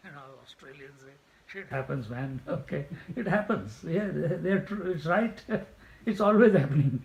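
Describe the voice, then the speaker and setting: A man's voice: high voice, expressive, a little slow, gravelly, lo-fi sound. A man teaching a spiritual discourse, emphatic and repetitive, laughing at his own jokes. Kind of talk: Vedanta discourse.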